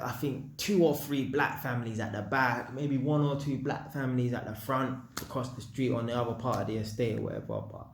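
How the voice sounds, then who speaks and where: A man's voice: medium pitch, echoey room. A young man from North London with a London accent, telling stories casually to camera in slangy street talk. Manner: slangy, animated, acts out voices in quotes. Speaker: vlogger.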